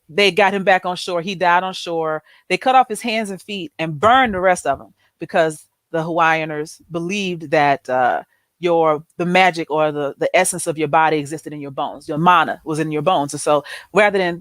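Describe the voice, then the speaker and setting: This host's voice sits low as she tells a story at a moderate pace, chatting casually with no echo in the recording. She gets animated, putting on different voices for each person she quotes.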